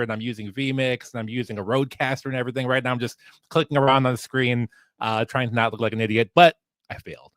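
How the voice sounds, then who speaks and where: A man's voice: medium pitch, no room sound, studio quality. A man filling in as host of a casual livestream talk show, rambling with lots of fillers and restarts, on a headset mic at home. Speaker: fill-in host.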